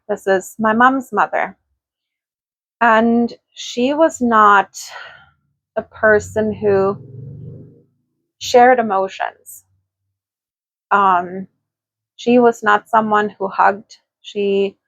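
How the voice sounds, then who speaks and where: A woman hosting her own spiritual channel, talking softly and personally to viewers, often pausing, choked up and tearful. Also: mid-range voice, no room sound, muffled recording. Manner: soft, heartfelt, pausing often.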